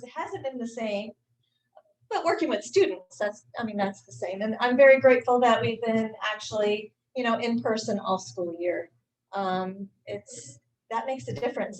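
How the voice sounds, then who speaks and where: A middle-aged woman, a high school staff member, giving an informal, halting talk to a club meeting, with many fillers and restarts. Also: rough recording.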